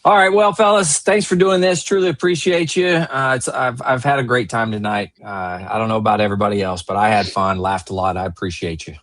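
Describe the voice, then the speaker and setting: A man's voice: medium pitch, flat delivery, fairly quick, few pauses, no room sound. Earnest man hosting, dry sound. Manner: warmly thanks guests, earnest sign-off. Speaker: host. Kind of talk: casual talk show hosting.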